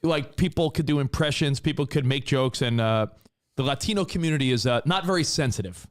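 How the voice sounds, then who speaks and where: Rambling, animated male podcast co-host. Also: mid-range voice, a little fast. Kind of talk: casual chat. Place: Los Angeles.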